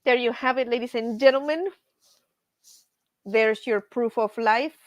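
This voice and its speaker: A woman hosting a casual live stream, telling stories in an animated way and laughing often. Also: a little high, measured pace, no room sound, lo-fi sound. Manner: animated storyteller, says y'all, laughs often. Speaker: livestream host.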